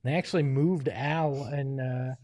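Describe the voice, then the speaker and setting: A man's voice: mid-range voice, steady tone, a little slow, mellow, no echo, clean studio sound. A man co-hosting a casual sports podcast, making wry jabs with a chuckle. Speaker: podcast co-host.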